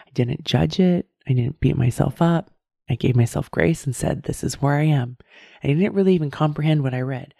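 A woman's voice: low-pitched, creaky, dry recording, clean studio sound. A woman hosting a solo podcast who talks straight to the listener in a reflective way and often calls them "my friend". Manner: warm direct address, calls listener "my friend". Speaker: podcast host.

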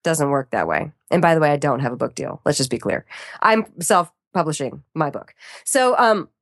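A woman voiceover artist chatting as a podcast guest, animated and playful with quick asides. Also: low voice, vocal fry, no room sound, studio quality. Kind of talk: casual chat.

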